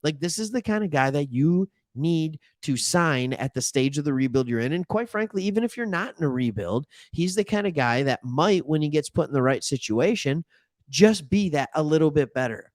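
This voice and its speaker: A man hosting a casual sports talk show, rambling and correcting himself with animated asides. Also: fairly high pitch, normal speed, dry recording, studio quality. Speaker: sports podcast host.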